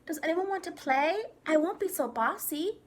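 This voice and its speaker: A woman's voice: lively intonation, normal speed. Tara, a bossy little dinosaur girl, voiced by a woman. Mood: eager. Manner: high, loud and insistent. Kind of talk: storybook reading for children.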